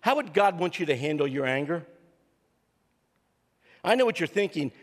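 In a long-reverb church sanctuary, the older man, a counselor serving as guest preacher, keeps his sermon joking and easygoing, acting out what others said in his stories. He speaks fairly high, animated, at normal speed with many pauses.

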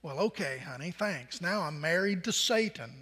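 Disbelieving wife grilling her husband, a preacher doing her, bright voice, long hall echo. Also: very high-pitched, normal speed, voice pushed up, heavily acted. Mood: incredulous. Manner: disbelieving, questioning. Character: incredulous wife, adult woman.

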